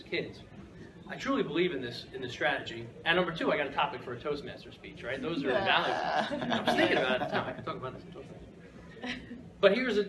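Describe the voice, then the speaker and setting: A man giving a humorous storytelling speech at a speaking club, keeps checking in with "right?" and chuckles often. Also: on the high side. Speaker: Toastmasters speaker. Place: room with an audience. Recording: echoey room from far off, noisy.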